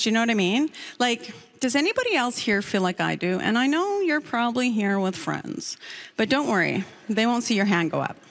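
A woman comedian performing a stand-up set on stage, telling a story in a lively, conversational way. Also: a little high, big-room sound, a little hiss or hum.

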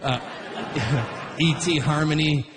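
A man's voice: on the high side, fairly even intonation, slow, in a large hall, a crowd in the background, background noise. A man in his forties doing a stand-up routine, chatty and rambling, with restarts. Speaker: stand-up comedian.

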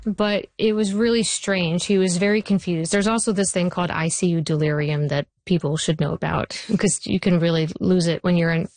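A woman in her forties, a TV writer, telling animated stories as an interview guest. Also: medium pitch, no echo. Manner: animated storyteller, rushes through anecdotes. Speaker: TV writer and showrunner.

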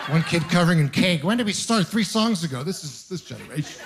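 Exasperated high-voiced stand-up comic. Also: male voice, expressive, heavy background noise. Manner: exasperated, incredulous delivery with quick asides. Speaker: stand-up comedian. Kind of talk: stand-up comedy set.

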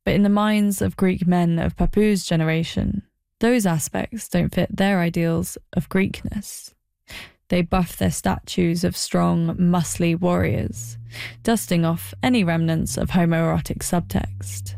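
Wry woman narrating, gravelly and mellow. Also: on the low side, steady tone, unhurried, dry recording, studio quality. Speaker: documentary narrator. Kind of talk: personal documentary narration.

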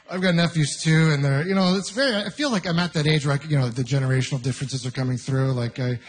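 Performing stand-up at a live venue, a man with a voice on the high side tells stories in an incredulous, exasperated way, tossing in quick asides. The audience can be heard laughing.

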